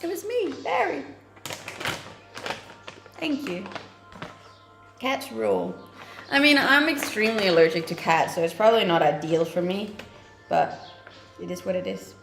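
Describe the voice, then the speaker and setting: A woman's voice: mid-range voice, lively intonation, measured pace, vocal fry, long pauses, a bit bright. Chatty Danish-born woman streamer, echoey. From Denmark. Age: 20s. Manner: cheerful, teasing, laughs often. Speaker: livestream host. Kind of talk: casual chat reading viewer comments. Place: home kitchen. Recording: echoey room with faint music.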